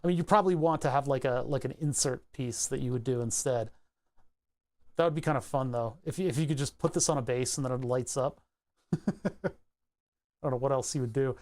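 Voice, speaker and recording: A man's voice: medium pitch, fairly quick, long pauses, a little mellow. A man with a Philadelphia accent chatting casually on a livestream, rambling through tangents and laughing easily. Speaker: streamer.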